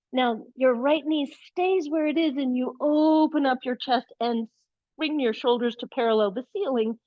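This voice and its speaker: A woman's voice: fairly high pitch, no room sound, lo-fi sound. A woman leading a live yoga class, chatty and encouraging, with playful asides. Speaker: yoga teacher.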